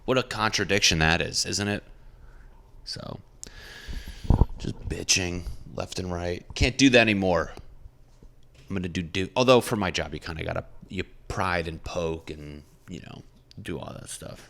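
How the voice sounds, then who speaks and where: A man's voice: sits low, moderate pace, vocal fry, long pauses, fairly bright tone. A young man, a comedian hosting his own podcast, talking in a rambling, profane, self-reflective way. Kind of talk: casual solo podcast monologue.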